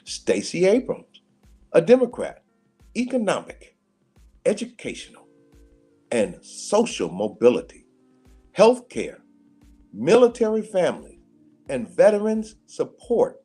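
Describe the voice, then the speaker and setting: A man hosting a live talk radio show, emphatic and animated, breaking into laughter. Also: fairly high pitch, takes it slowly, pauses often, husky, faint music behind. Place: radio studio.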